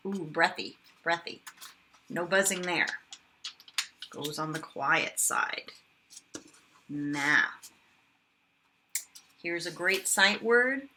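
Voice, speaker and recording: A kindergarten teacher, a woman, sounding out words slowly and with exaggeration for young children in a phonics lesson. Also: fairly low pitch, bright, forceful tone, slight background noise.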